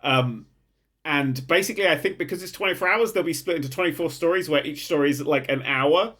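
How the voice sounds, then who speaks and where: A man's voice: on the high side, brisk, fairly bright tone. A young man hosting a casual podcast, rambling and swearing with frequent laughter. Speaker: podcast host. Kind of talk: casual chat.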